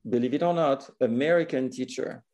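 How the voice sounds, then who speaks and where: A man with a thick French accent spins a lively tale of his childhood, talking fast and slipping into the voices of the people he quotes. His tone is low, warm and mellow. He laughs easily as he goes. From France. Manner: animated storyteller, acts out quoted voices, laughs often. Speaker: guest, pianist. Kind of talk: conversational storytelling interview.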